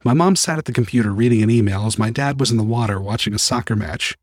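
A man narrating a first-person story as an audiobook reader, calm and even. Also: medium pitch, fast, no room sound, studio quality.

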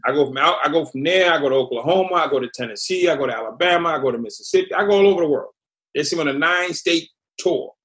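A man's voice: fairly high pitch, animated, rapid-fire, a bit bright. A man from Massachusetts, a former prisoner, telling his story bluntly in an interview.

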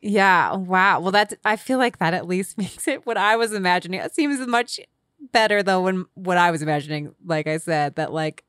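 Smooth-voiced chatty woman host. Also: fairly low pitch, moderate pace, dry recording, studio quality. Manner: chatty, animated, many fillers and laughs. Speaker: podcast host. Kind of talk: casual interview chat.

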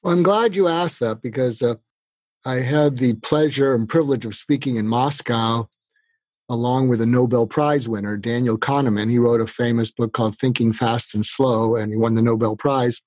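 A man giving animated, practical advice in an interview, acting out both sides of sample conversations. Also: medium pitch, moderate pace, dry recording. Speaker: guest expert.

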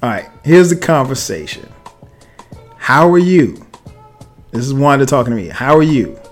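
A man in his thirties hosts a podcast and tells a personal story in a loose, chatty way, laughing often and breaking off into asides. His voice sits at an ordinary male pitch. Faint music plays underneath. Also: very animated, a little fast. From South Carolina, US. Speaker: podcast host. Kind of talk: casual storytelling monologue.

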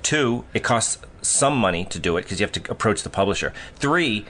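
A man's voice: lowish voice, lively intonation, a little fast, pushed and bright, a little hiss or hum. A middle-aged man, an author from the Boston area, telling his stories in a casual, rambling way and chuckling now and then. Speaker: author and guest. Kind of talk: casual storytelling.

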